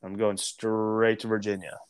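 An easygoing man hosts a casual chat and steers it with questions. His voice sits a little low, and it comes through smooth and resonant. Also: flat delivery, unhurried.

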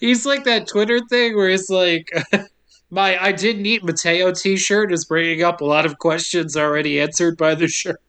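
Guy with a pretty high voice goofing through a movie recap, laughing a lot, doing little voices. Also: steady tone, bright, forceful tone, clear, resonant tone. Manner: joking, laughs often, mimics characters in quick asides. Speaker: podcast co-host recapping a movie. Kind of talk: casual comedic movie recap.

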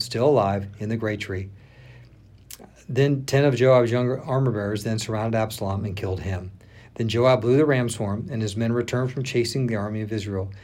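A man, a pastor, reading scripture aloud in a steady manner with small restarts. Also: fairly low pitch.

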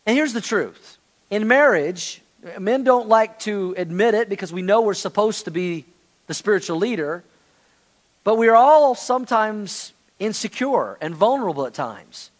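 A man preaching a sermon as pastor, in an animated, conversational manner. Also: sits high, a little slow.

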